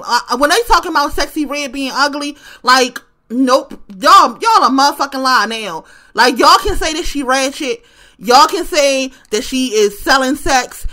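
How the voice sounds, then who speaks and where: Bright, high-voiced woman ranting. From West Baltimore, US. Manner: blunt, profane, frequent laughter, emphatic repetition. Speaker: vlogger. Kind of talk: casual to-camera rant.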